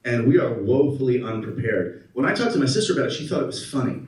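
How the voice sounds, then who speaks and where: A man in his thirties giving a conference keynote, an animated storyteller who asks the audience questions. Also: mid-range voice, fast talker. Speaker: keynote speaker. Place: conference hall. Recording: roomy hall, mic at a distance.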